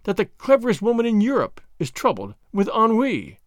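A man reading an audiobook, voicing a sly, sarcastic French agent who speaks quietly with mock gallantry. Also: sits high, wildly swooping pitch, moderate pace, dry recording, studio quality, pitched above the performer's own voice. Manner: quiet, smooth, mockingly gallant. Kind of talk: audiobook character voice.

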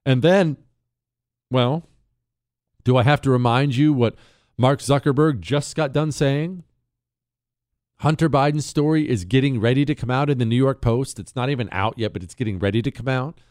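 A man's voice: mid-range voice, normal speed, pauses often, darkish tone, no room sound, clean studio sound. A man hosting a radio talk show, brash and sarcastic, reading ads and listener mail and laughing along. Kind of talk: talk radio monologue with ad reads. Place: radio studio. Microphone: studio mic.

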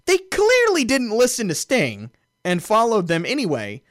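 Male podcast co-host, high voice, bouncy delivery, dry close sound. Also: normal speed, no room sound. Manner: animated, laughs often, restarts. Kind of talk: casual chat recapping a show.

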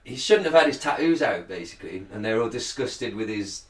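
Rambling, sweary British podcast co-host, lively pitch, mic set back in a roomy space. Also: male voice, a little fast. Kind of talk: casual chat. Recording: roomy sound, distant mic.

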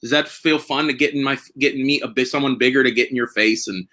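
Male podcast host, thirties, bright tone, loose and rambling delivery with lots of restarts. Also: mid-range voice, steady tone. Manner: rambling, halting, full of fillers and restarts. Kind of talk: casual conversation.

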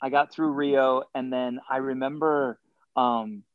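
A man as a guest in a casual interview, telling animated stories and acting out quotes between chuckles. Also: medium pitch, measured pace, clear, resonant tone, no room sound, phone-quality sound. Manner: animated anecdotes, acts out quotes, chuckles often. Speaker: guest athlete.

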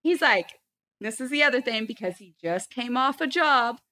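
High bright-voiced woman telling a story. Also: normal speed. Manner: expressive, swears freely, acts out quotes loudly. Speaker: podcast guest, co-host's wife. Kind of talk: animated storytelling chat.

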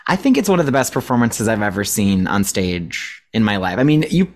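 A man's voice: fairly low pitch, sing-song, brisk. Podcast host guy, eager, voice bounces around a lot, stumbles a bit. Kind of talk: conversational podcast interview.

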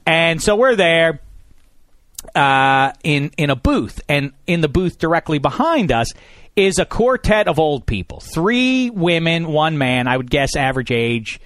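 A man in his thirties hosting a radio talk show, telling a story in a lively, sarcastic way. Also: on the high side, unhurried, dry recording, studio quality. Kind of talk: casual storytelling chat.

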